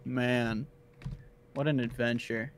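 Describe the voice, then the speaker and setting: A man's voice: medium pitch, little pitch movement, takes it slowly, a little hiss or hum. A young man in laid-back gaming chat with friends, mumbling along as he plays. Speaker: streamer playing with friends.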